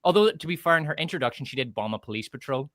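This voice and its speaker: Blunt northern Irish man, bright tone. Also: medium pitch, expressive, racing, dry recording, studio quality. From north of Ireland. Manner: blunt, profane, scornful. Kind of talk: casual opinionated chat.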